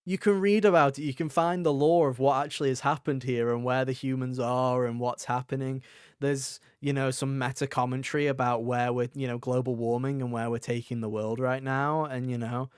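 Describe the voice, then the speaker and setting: A man in his twenties co-hosting a casual gaming podcast, animated and acting out quotes as he tells stories. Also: medium pitch, brisk, clean tone, no room sound, clean studio sound. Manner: animated storyteller, acts out quotes. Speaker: podcast co-host. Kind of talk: casual chat.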